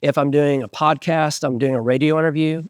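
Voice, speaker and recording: A man's voice: on the high side, brisk, clear, resonant tone, no echo, clean studio sound. A middle-aged man in a casual interview, telling a story with lots of fillers and acted-out quotes. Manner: animated storyteller, many fillers, acts out quotes. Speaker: interviewed musician.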